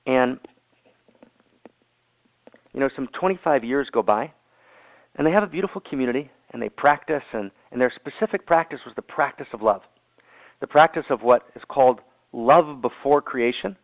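A man's voice: medium pitch, dry recording. A man leading a group call as a spiritual teacher, telling a story with emphatic repeated phrases and frequent "you know" and "right?". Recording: tinny phone-line audio, dry.

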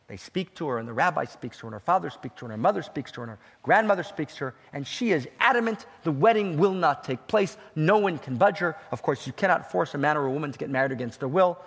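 A man giving a storytelling sermon in a dramatic way, often asking "right?", with a husky voice and a long hall echo. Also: fairly high pitch. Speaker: teacher.

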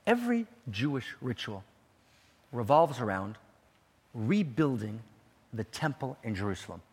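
A man giving a storytelling sermon in a dramatic way, often asking "right?", with a husky voice and a long hall echo. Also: mid-range voice, sing-song, a little slow. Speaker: teacher.

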